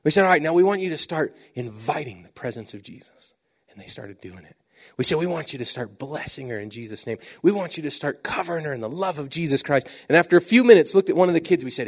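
A man preaching a sermon, telling a story with lively swings from loud exclamations to hushed asides. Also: a little high, fairly quick, husky.

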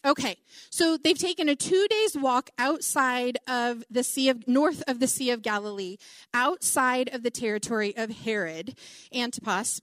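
A middle-aged woman preaching a conversational Bible teaching, animated and chatty, with many asides and "like"s. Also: on the high side, no room sound, clean studio sound.

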